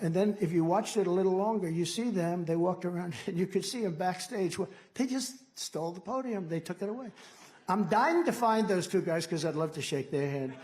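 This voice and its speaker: Speaking into a podium microphone in a big indoor rally hall, this American political candidate in his seventies delivers a boastful, meandering campaign speech peppered with mocking remarks. He has a high-pitched, slightly mellow voice.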